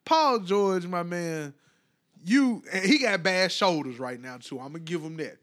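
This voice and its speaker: Man, slightly high-pitched, rambling casual sports talk, animated and colloquial. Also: measured pace. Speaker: basketball commentator.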